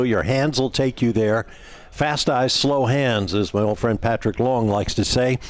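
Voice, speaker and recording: A man from Atlanta giving live race commentary, measured and knowledgeable, stretching words for emphasis. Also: medium pitch. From Atlanta, USA.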